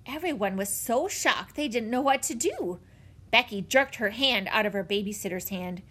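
A woman narrating a children's audiobook in an expressive storytelling manner. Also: a little high, normal speed. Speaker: audiobook reader.

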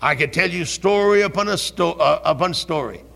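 An older pastor preaches with a gravelly, creaky voice, a bit higher than most men. He hammers home repeated questions and climbs to fervent shouts in his church sanctuary. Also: animated, normal speed. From American South. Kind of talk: sermon. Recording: 1971 archival church recording.

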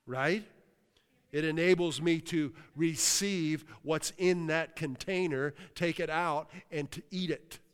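A man's voice: fairly high pitch, slow, clean tone. A man from Western Pennsylvania preaching a sermon, breaking in with cries of hallelujah and checking in with the congregation. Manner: exclaims hallelujah, asks the crowd. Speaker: pastor. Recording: long hall reverb.

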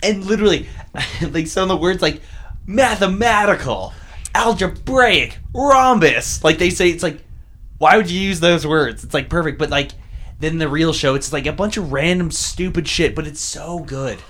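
A man's voice: fairly high pitch, moderate pace, fairly bright tone. A young man in casual chat with friends, animatedly retelling cartoon scenes and swearing freely. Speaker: friend in conversation.

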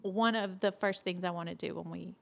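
A chatty woman co-hosting a travel talk show. She explains places in a relaxed, conversational way. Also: fairly low pitch, a little fast, vocal fry. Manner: chatty, laughs easily, explains facts. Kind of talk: casual travel chat.

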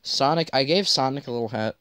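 A man's voice: medium pitch, fast talker, a bit bright, clear, resonant tone, no room sound. A teenage boy co-hosting a podcast in casual chat, rambling and cracking crude jokes. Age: teens. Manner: jokey, rambling, crude humor. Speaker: podcast co-host.

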